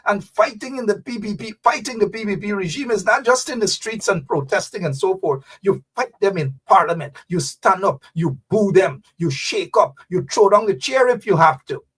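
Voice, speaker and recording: A man's voice: sits high, fairly bright tone, husky, recorded from a distance. A man hosting fiery, mocking political commentary, talking straight to his audience. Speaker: host.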